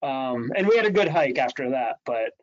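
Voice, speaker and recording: A man's voice: medium pitch, lively intonation, normal speed. A man telling a rambling story in casual chat. He laughs often and restarts his sentences a lot. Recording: slightly muffled lo-fi audio.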